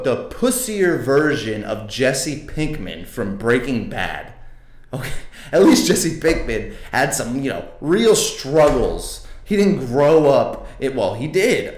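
A man's voice: mid-range voice, echoey room. A man hosting a podcast, delivering an indignant, profane comedic rant, often stammering and restarting his sentences. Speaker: podcast host.

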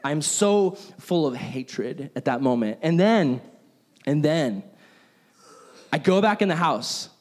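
A young man preaching a casual, conversational sermon and telling stories, animated and acting out his own reactions. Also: fairly high pitch, slow, long pauses. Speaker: pastor. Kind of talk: sermon with personal storytelling.

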